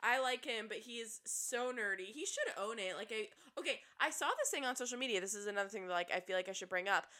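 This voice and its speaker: A young woman co-hosting a podcast, recapping reality TV in a gossipy, animated way and swearing freely. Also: a little high, quick pace, few pauses. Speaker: podcast co-host. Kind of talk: casual reality-TV recap chat.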